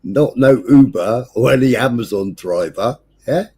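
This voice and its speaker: A man, mid-pitched, spinning a yarn on a live stream. He swears in nearly every breath and tells it with animated, indignant energy. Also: measured pace, slightly rough. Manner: swears constantly, animated storytelling. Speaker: livestream host. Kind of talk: casual chat. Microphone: streaming setup.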